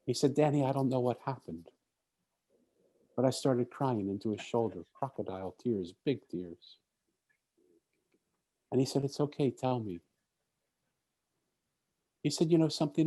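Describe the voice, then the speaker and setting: A man's voice: mid-range voice, mellow. A man giving an inspirational talk at a conference, telling a story and acting out what the people in it said. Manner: storytelling, acts out quoted speech. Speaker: speaker.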